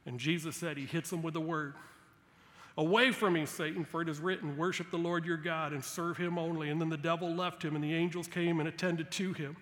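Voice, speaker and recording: Guy pastor preaching, reads bible lines with drama, pretty high voice, big echoey church. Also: steady tone, a little fast, a bit bright. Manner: preaching with dramatic read-aloud quotes and emphatic rises. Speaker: guest pastor. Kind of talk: sermon. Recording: long hall reverb.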